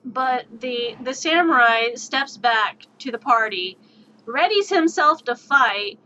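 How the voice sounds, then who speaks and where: A woman streamer telling a tabletop game story in an animated, exasperated way, swearing freely, on dull lo-fi stream audio. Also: high voice, slow pace, slight background noise.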